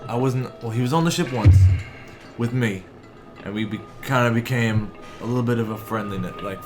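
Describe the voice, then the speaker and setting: A man running a tabletop game as game master, narrating in a laid-back, halting way over background music. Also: mid-range voice.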